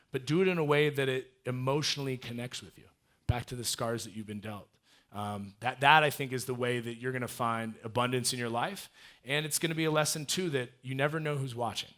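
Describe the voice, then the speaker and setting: A man in his thirties giving a casual, animated storytelling talk as a guest speaker. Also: mid-range voice, fairly quick. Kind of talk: storytelling talk to a live audience.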